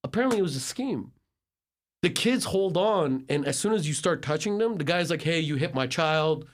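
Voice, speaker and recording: Animated American man telling stories. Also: sits high, fairly quick. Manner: animated, laughing, acts out the people he quotes. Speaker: podcast guest. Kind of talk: casual storytelling.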